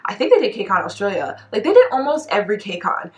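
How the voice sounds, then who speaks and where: A woman vlogging a music reaction, gushing and excitable, with many "like"s as she chats to camera. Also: mid-range voice, fast. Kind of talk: casual chat to camera.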